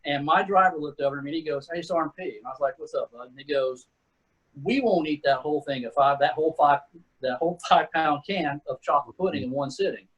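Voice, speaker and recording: A husky, fairly high-pitched man talks quickly, laid-back as he tells war stories and calls people "man" and "dude". He's a middle-aged guest from Texas, a retired Army sergeant first class, and the audio quality is poor.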